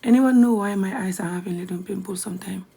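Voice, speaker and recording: A young Gambian-accented woman chats casually and bluntly on a live stream, fast and at medium pitch. Her voice is creaky and dark with a breathy edge, and she laughs a lot, sometimes dropping to a whisper.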